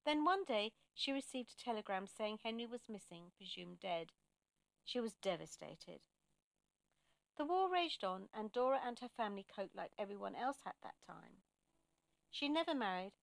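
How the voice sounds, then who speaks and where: A woman reading a story aloud in a gentle, measured narration. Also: mid-range voice, vocal fry, no room sound.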